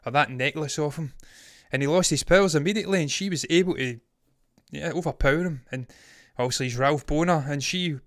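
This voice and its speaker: A man co-hosting a casual film review podcast, chatty and quick to laugh. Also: on the high side, a bit bright, dry recording, clean studio sound. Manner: chatty, laughs easily, reads quotes aloud. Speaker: podcast co-host.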